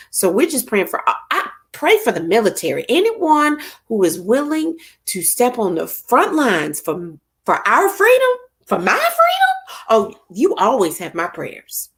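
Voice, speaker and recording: A middle-aged woman, hosting a casual live stream and chatting with viewers by name. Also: lowish voice. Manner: lively, chatty, greets viewers by name, Southern church expressions. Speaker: livestream host.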